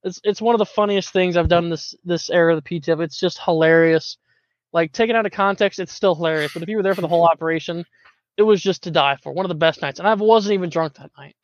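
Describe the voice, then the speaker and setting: A man telling stories from his gaming group in a casual chat, animated and quick to laugh, with plenty of filler words. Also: high voice, dry recording. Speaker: podcast guest, longtime community member. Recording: dull lo-fi voice-chat audio.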